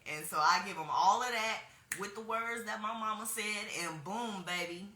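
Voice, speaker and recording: A woman's voice: medium pitch, moderate pace, echoey room, background noise. A woman in her forties giving a casual workshop talk, telling stories in a frank, chatty way with slang. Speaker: wellness workshop presenter.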